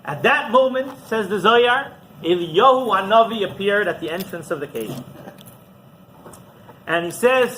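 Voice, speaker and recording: A man, a rabbi, teaching a class through an animated story and often checking in with the listeners. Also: sits high, unhurried, long pauses, a little hiss or hum, poor audio. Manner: animated storyteller who often asks "right?".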